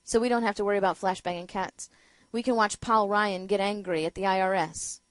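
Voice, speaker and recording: A woman's voice: mid-range voice, steady tone, quick pace, no echo. A woman hosting a political talk show, giving opinionated commentary with sarcasm, rhetorical questions and emphatic outbursts. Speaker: radio talk show host.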